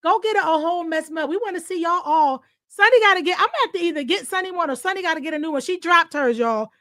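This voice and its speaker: High-voiced woman hosting a frank chat. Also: fast, a bit bright, dry recording, studio quality. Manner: frank, candid and emotional, with slang and cursing. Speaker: host. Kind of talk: casual chat.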